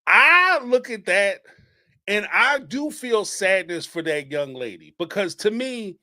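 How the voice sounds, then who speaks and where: High-voiced guy ranting about a reality show, dry mic, cussing and laughing. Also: sing-song, takes it slowly, bright, forceful tone, dry recording. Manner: blunt, swearing, laughing, mocking quotes. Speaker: reality TV commentary host. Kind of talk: casual commentary monologue.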